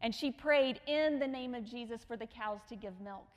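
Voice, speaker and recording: A middle-aged woman with a fairly high voice tells stories in a sermon and acts out the lines of the people in them. Now and then she drops to a hushed tone. Her voice rings out in a hall with a long echo. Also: normal speed, dull audio. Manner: storytelling with acted quotes, dropping to hushed tones. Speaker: missionary speaker. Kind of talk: sermon storytelling.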